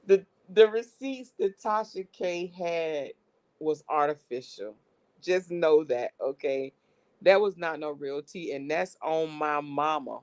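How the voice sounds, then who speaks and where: Slow, slangy woman with laughing fits. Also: low voice, darkish tone. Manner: laughing fits, slangy, addresses viewers as y'all. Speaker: commentary vlogger. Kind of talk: casual commentary.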